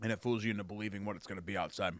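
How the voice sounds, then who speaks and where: A man's voice: fairly low pitch, steady tone, very fast, no room sound. A man co-hosting a sports podcast, chatty and enthusiastic as he reads sponsor plugs. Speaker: podcast co-host. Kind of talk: casual sports chat.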